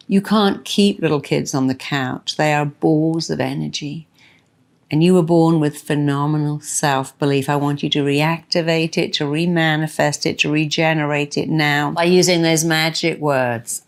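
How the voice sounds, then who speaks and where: A woman giving a motivational talk, emphatic and repeating affirmations with slow, deliberate stress. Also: low-pitched. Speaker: motivational speaker.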